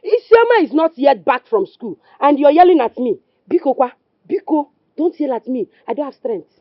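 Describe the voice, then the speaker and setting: A woman's voice: very animated, normal speed. A Nigerian actress playing a jealous wife who taunts and mocks her husband in a film drama. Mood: defensive. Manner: taunting, mocking, shrill. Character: scolding jealous wife, adult woman. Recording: slightly muffled dry film audio.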